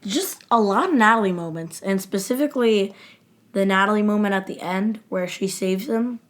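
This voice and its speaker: A woman's voice: mid-range voice, normal speed. A woman co-hosting a podcast in casual chat, joking about herself and laughing along. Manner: self-deprecating, laughing along. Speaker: podcast co-host.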